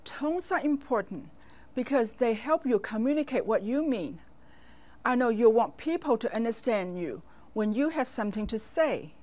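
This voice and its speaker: A woman teaching a children's language lesson in a slow, clear voice, pausing for the learner to repeat after her. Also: a little high, lively intonation, a little mellow.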